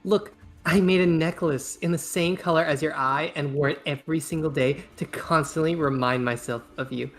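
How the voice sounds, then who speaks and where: A woman's voice: low-pitched, fairly even intonation, normal speed, few pauses, soft background music. A woman voicing a chipper, clingy young valley-girl woman in a casual group reading of game dialogue. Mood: fawning. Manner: bubbly, fawning.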